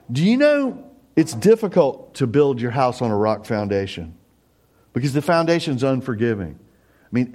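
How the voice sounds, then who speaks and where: Earnest, conversational middle-aged preacher. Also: male voice, medium pitch, a little mellow. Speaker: pastor. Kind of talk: sermon.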